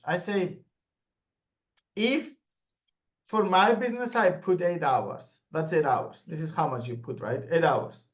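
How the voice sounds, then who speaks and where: A man's voice: sits high, measured pace, a bit bright. A man giving a motivational seminar talk, emphatic and repetitive, telling anecdotes. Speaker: network marketing trainer. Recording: dull lo-fi audio.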